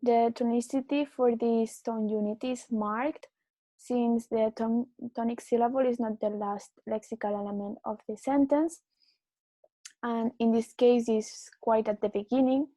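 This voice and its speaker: A woman giving a class presentation as a student, explaining in a steady way. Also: fairly high pitch, measured pace, no room sound, low-quality recording.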